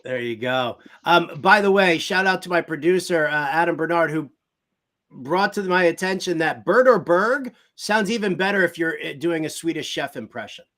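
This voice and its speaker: High-voiced playful male host. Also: expressive, normal speed, sharp tone. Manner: playful, teasing, game-show style quizzing. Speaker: sports talk show host. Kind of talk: casual sports talk.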